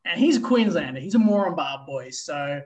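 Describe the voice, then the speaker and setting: Lively Australian man telling stories. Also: fairly high pitch, moderate pace, muffled recording. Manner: animated, filler-heavy storytelling with swearing. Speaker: guest, baseball umpire. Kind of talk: casual interview storytelling.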